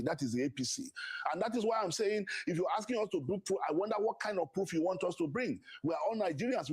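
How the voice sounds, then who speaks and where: A man's voice: high voice, a little mellow, husky. A man speaking as a party spokesman in an interview clip, insistent and repeating himself. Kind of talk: interview statement.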